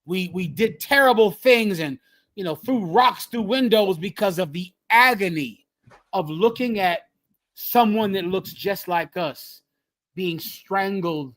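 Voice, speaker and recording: A man leading a group and preaching in a fiery, emphatic way, repeating his phrases and swinging from loud bursts to hushed lines. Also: high voice. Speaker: group leader teaching scripture. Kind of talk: fiery street-style preaching.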